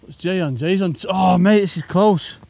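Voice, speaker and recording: An English man hosting a fishing challenge outdoors, chatty and excitable, overheated and panting between exclamations. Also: sits high, moderate pace, vocal fry, slight background noise. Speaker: angler and channel host. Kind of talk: banter while fishing outdoors.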